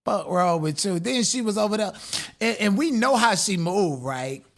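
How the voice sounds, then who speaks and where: A man with a high voice and a gravelly edge hosts casual commentary. He talks straight to his viewers in a mocking, profane way. The voice sits up high with a rough, crackly texture. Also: animated, moderate pace, a bit bright. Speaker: commentary channel host.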